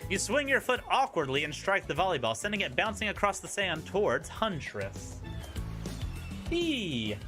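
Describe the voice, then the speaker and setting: A man's voice: sits high, big pitch swings, a little fast, hardly any pauses, over music. A man streaming a dating sim, reading its narration aloud with playful, wry asides.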